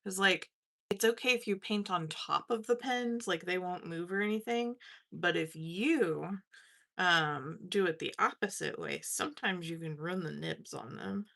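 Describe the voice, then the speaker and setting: A woman's voice: lowish voice, a little slow, vocal fry, bright, forceful tone. A young woman chatting casually while painting on a live stream, laughing often and poking fun at herself. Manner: chatty, laughing, self-mocking. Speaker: watercolor artist streaming live.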